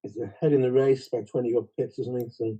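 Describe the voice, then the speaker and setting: A man with a husky voice calmly analyzing a game as it's played. His tone is very dark and mellow, and the recording sounds dull and lo-fi. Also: medium pitch. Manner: calm, measured analysis. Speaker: backgammon commentator. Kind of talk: live game commentary.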